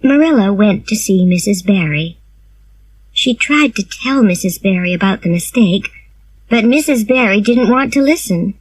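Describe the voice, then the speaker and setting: A woman reading a graded storybook aloud in a slow, clear and expressive storytelling manner. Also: medium pitch, rough recording. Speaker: reader. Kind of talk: graded reader narration.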